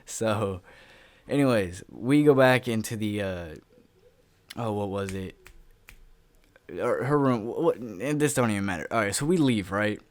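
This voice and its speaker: A man's voice: lowish voice, lively intonation, unhurried, pauses often, no room sound. A young man telling a personal story on his vlog in a loose, rambling way, full of fillers, casual swearing and self-mocking laughs, recorded at home.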